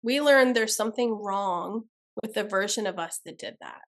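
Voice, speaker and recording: A woman's voice: mid-range voice, normal speed. Woman therapist guest on a podcast, blunt, emphatic, explanatory. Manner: emphatic, blunt, talks through examples. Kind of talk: podcast interview.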